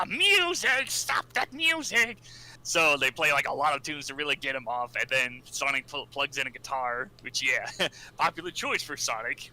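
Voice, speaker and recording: A man's voice: mid-range voice, bright, forceful tone, poor audio. A man recapping a cartoon episode in casual chat, laughing often and breaking into exaggerated character voices. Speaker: podcast co-host.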